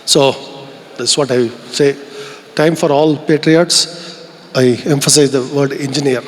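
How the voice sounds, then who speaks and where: A man's voice: medium pitch, steady tone, unhurried. A man with an Indian English accent giving an earnest, reflective conference keynote, posing rhetorical questions to the audience. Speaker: keynote speaker. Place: large event hall. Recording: long reverb of a large hall.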